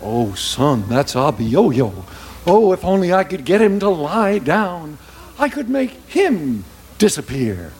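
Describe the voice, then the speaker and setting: A man voicing a weary, gentle magician father in a told folk tale, speaking low and soft. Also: very animated, takes it slowly, slightly rough, exaggerated voice. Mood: worried.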